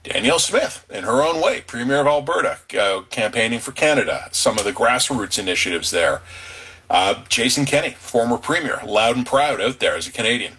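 A man's voice: medium pitch, animated, a little fast, sharp tone, breathy edge. A man giving political commentary as a radio guest, in an emphatic way. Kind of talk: interview commentary.

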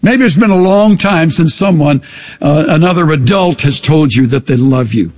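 Husky guy preaching, earnest, goes quiet and soft a lot, big hall echo. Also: fairly high pitch, animated, moderate pace. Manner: earnest, dropping to a hush on tender lines. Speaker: pastor. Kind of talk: sermon.

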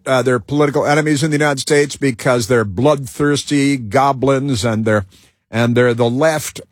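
A man's voice: medium pitch, no room sound, clean studio sound. A man hosting a talk show, delivering a rambling monologue full of fillers, restarts and repeated words. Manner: halting, with many fillers and restarts.

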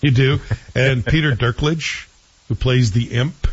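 A man's voice: medium pitch, steady tone, measured pace, husky, highs cut off. A male host chatting casually and with strong opinions, rambling and correcting himself as he goes. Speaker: show host reviewing TV series. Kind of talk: casual chat.

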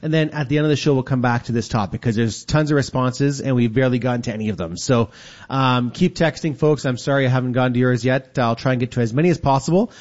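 Male radio host, mid-pitched, chatty and easygoing, reading listener texts, muffled lo-fi broadcast sound. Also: fast, darkish tone. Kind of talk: casual call-in radio chat. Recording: dull lo-fi radio audio.

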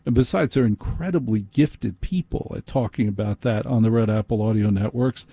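A man's voice: lowish voice, moderate pace, warm tone, breathy edge, no echo. A man hosting a radio talk show, rambling wryly and stumbling over names in a casual monologue.

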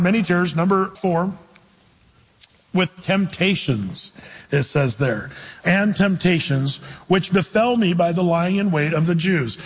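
A male pastor preaching a sermon in a lively, conversational way, with jokey asides. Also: on the high side, slightly rough, long reverb tail.

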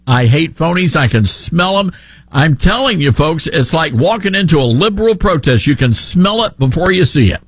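Animated husky Southern radio host. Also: male voice, fairly high pitch, moderate pace, dry recording. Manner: sarcastic, animated, opinionated. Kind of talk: talk radio commentary.

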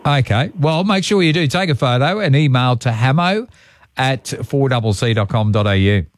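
A man's voice: medium pitch, expressive, moderate pace, no room sound. A man with an Australian accent hosting breakfast radio, chatting easily with callers. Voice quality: friendly, easygoing, casual. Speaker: radio host. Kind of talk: breakfast radio chat and live read.

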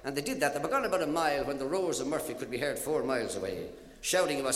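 Lively Irish comedian on a live stage. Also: male voice, a little high, rapid-fire. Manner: chuckling at his own jokes. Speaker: stand-up comedian. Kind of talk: live stage joke-telling. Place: stage in a large venue. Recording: echoey hall, audience noise.

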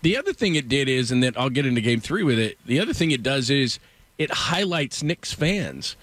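A man's voice: mid-range voice, big pitch swings, brisk, fairly bright tone, no room sound. Rambling middle-aged male sports host. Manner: rambling storyteller with frequent asides. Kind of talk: casual sports talk.

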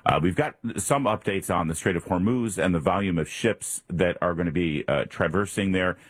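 A man with a very low, husky voice hosts a morning radio talk show. He rambles casually, with plenty of fillers and restarts. The studio sound is close and dry. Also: moderate pace, no echo.

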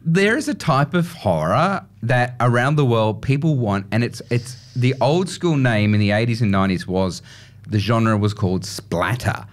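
A man's voice: mid-range voice, expressive, normal speed. A man hosting a casual radio chat, chatty and knowledgeable, often agreeing with "yeah, yeah". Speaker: radio host.

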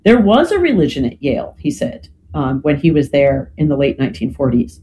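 A guest explaining history in a lecturing, conversational way, often checking in with "right?" and filling pauses with "you know". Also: mid-range voice, very animated, mellow, slight background noise, poor audio.

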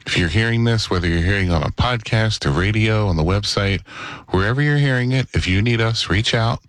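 A man's voice: on the low side, brisk, dry recording. A man hosting a call-in radio show, urging listeners to reach out. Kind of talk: on-air announcement.

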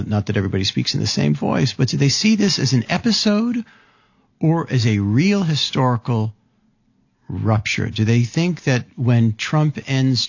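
A man interviews his guest in a husky, gravelly voice that moves a lot in pitch. He asks long, searching questions and often restarts. The sound is dry and muffled. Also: no echo. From lives in New York.

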